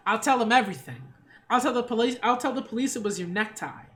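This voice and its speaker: A woman's voice: mid-range voice, lively intonation, normal speed, fairly bright tone, close to an everyday voice. An actress voicing a desperate, manipulative woman in an anime dub, pleading and then threatening. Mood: shouting. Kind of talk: English anime dub acting.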